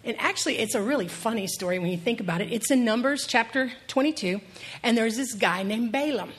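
A middle-aged woman pastor preaching a sermon, telling stories with animated energy and laughing as she goes. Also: fairly high pitch, fairly quick, slightly rough.

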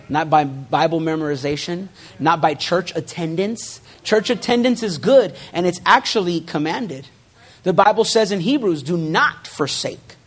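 Pastor guy w a high voice preaching, punchy repeats, cracks jokes at the crowd. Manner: emphatic preaching with rising, forceful repetitions; joking asides to the congregation. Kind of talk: sermon.

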